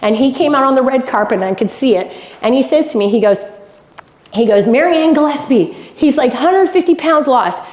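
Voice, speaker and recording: A Canadian woman delivers a motivational keynote in a golf club event hall, telling a personal story emphatically and repeating lines for effect. Her voice sits high, a little fast and a little mellow, with a roomy sound.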